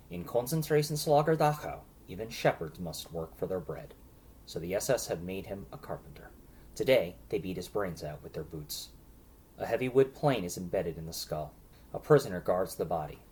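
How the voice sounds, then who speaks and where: A man's voice: on the low side, darkish tone. A man narrating a grim war story in the second person, vividly and dramatically.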